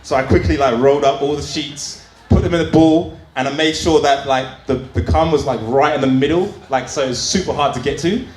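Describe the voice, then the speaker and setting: A man's voice: on the high side, a little fast, a little mellow. A man doing open mic stand-up in a small comedy club, telling crude stories in a chatty way full of fillers. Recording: roomy club sound, faint ambience.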